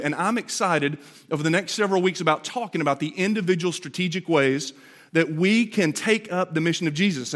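A man in his forties giving an emphatic, conversational sermon as a pastor in a church sanctuary, often checking in with rhetorical questions. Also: fairly high pitch. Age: 40s.

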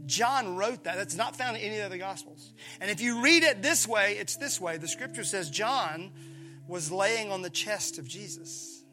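A pastor from preaching a sermon, animated, acting out voices and calling on his listeners. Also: sits high, moderate pace, faint music behind. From Mississippi, USA. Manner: animated, acts out voices, calls on the congregation.

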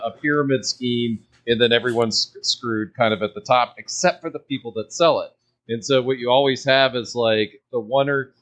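A man's voice: medium pitch, a bit bright. Rambling man on a podcast rant. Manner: rambling, restarts with many fillers, laughs at own asides. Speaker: podcast guest. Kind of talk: casual ranting chat.

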